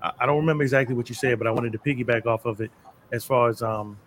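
A man hosting a live talk show, chatting loosely with many fillers and shout-outs. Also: mid-range voice, steady tone, rapid-fire, slight background noise. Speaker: podcast host.

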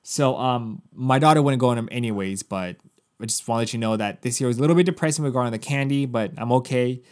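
A man's voice: mid-range voice, fast talker. A man in his thirties, a podcast co-host, telling a story in casual chat, swearing often and acting out other people's lines. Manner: animated, profane, acts out other people's lines.

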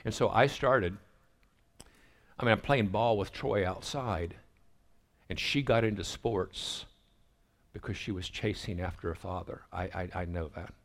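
A middle-aged man with a somewhat low voice preaches in a storytelling manner. He acts out the quoted lines from his family life as he goes. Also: a little slow, gravelly, pauses often. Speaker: pastor. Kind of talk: sermon storytelling.

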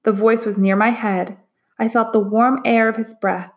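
A woman voicing a sad, gentle young male dragon who speaks slowly and sorrowfully in a storybook reading. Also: on the high side, fairly even intonation, natural voice. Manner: slow, sorrowful, halting.

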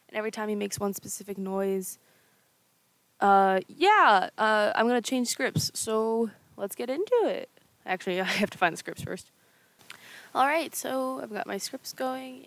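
A woman's voice: fairly high pitch, vocal fry, dry recording. A woman casually reading movie scripts aloud for fun, joking and laughing between lines.

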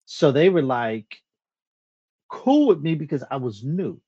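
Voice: medium pitch, unhurried, husky, dull audio. A podcast co-host telling a childhood story in casual chat, acting out the quoted dialogue and laughing at themself. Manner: animated retelling, acts out quoted dialogue, laughs at self.

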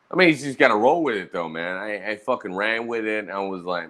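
A man's voice: on the low side, lively intonation, a little slow, long pauses, bright, forceful tone. A man telling roast-battle stories in a brash, profane, casual monologue. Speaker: streamer recounting roast battles.

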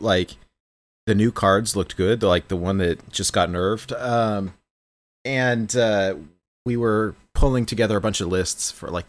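A man casually chatting about card games in a relaxed, laid-back way. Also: low-pitched, no room sound. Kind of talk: casual gaming chat.

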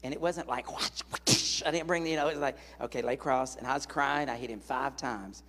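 Man, preacher, husky voice, animated and joking, long echo of a big church hall. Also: mid-range voice, brisk. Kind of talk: sermon.

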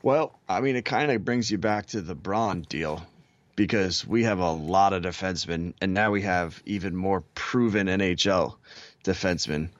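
Deep-voiced man, blunt and dry. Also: normal speed, no echo, dull audio. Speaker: podcast co-host. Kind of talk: casual sports chat.

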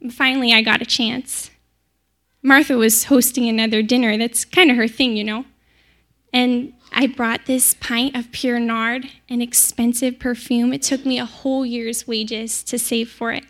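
A woman plays a devoted young disciple telling her story in a heartfelt, chatty dramatic monologue. Her voice is high and bright. The delivery is direct, as if she were speaking to listeners in the room. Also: flat delivery, unhurried. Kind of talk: first-person dramatic monologue.

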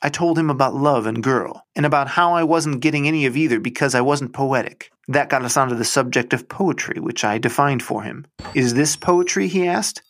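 A man's voice: mid-range voice, brisk, few pauses, a bit bright. A man reading a short story aloud in the first person, with a wry, understated delivery.

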